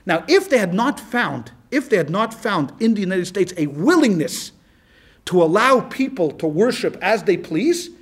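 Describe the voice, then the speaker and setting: A male rabbi giving a lecture to a class in a lively, conversational way, with frequent restarts. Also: high-pitched, moderate pace, breathy edge. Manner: animated and conversational, with many restarts. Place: class with a live audience.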